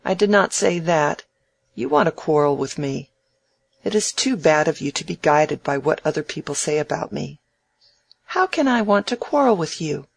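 A reader voicing a proud, sharp-witted young woman in a novel, speaking crisply and earnestly with a teasing edge. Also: medium pitch, animated, moderate pace, no room sound. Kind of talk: audiobook dialogue reading.

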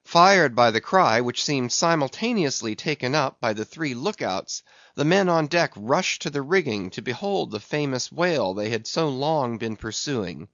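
A man narrating an audiobook in a measured, even reading. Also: medium pitch, no echo. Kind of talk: scripted narration. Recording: dull, dry sound.

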